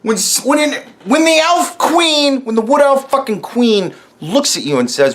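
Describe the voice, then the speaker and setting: A man's voice: very high-pitched, unhurried. A man hosting his own podcast, ranting in a loose, profane monologue full of swearing. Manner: animated, swearing constantly. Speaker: podcast host.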